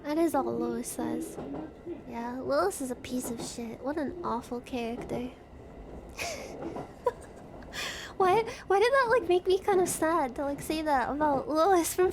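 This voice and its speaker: A sleep-deprived woman streaming a game live, giggly and excitable, chatting and thanking viewers. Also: sits high, a little slow, background noise. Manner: giggly, excitable, switches into silly voices.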